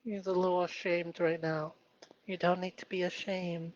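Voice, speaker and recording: A man hosting a live stream, talking through his feelings in an earnest, halting way with many fillers. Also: high voice, little pitch movement, highs cut off. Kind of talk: emotional self-reflective live stream.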